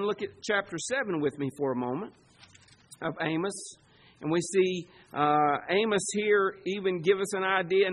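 A man preaching a sermon, swinging between loud emphasis and quiet asides. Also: high-pitched, rough recording. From Southern United States. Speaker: pastor.

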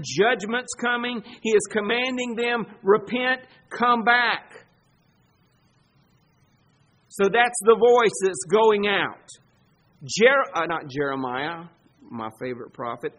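A man preaching a sermon, emphatic, asking rhetorical questions and swinging between loud declarations and hushed asides. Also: sits high.

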